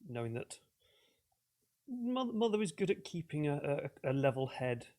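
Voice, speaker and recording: A man's voice: a little high, very animated, normal speed, darkish tone. A man playing a tabletop role-playing game, talking hesitantly about his moves. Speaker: player.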